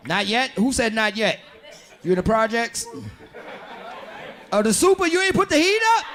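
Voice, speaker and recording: A man doing stand-up comedy, bantering loudly and profanely with the audience in a club. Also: very high-pitched, big pitch swings, moderate pace, a faint crowd. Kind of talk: stand-up crowd work.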